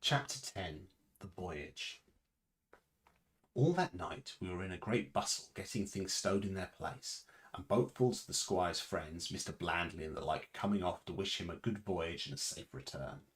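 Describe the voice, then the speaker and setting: Male reader, very low voice, reads a novel aloud on stream, stumbles and restarts now and then. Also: moderate pace. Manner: unpolished reading with restarts and self-corrections; varies pitch and loudness for dialogue.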